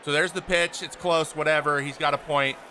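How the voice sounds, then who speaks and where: A man with a bright, forceful voice pitched a bit high talks casually over a replay. He acts out each player's lines with big swings of pitch and loudness. He sounds blunt and openly exasperated. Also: a little fast, a little hiss or hum. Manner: animated, acts out what players say. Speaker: host, former pitcher. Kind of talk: casual video breakdown commentary.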